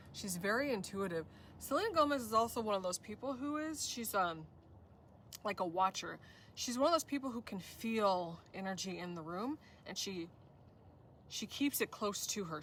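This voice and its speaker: A woman's voice: mid-range voice, fairly bright tone, recorded from a distance, a little hiss or hum. A woman giving a spiritual tarot reading, gushing and effusive, often addressing viewers as "you guys". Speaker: tarot reader.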